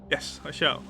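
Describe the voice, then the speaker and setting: Rambling man streaming a game. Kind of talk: casual live-stream chat.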